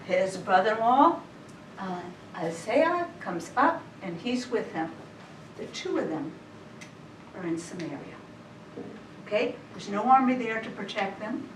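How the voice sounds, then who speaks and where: A woman's voice: mid-range voice, lively intonation, measured pace, pauses often. A woman teaching a women's Bible study, retelling scripture in a chatty, everyday way. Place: church meeting room. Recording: roomy hall, distant mic, faint hiss.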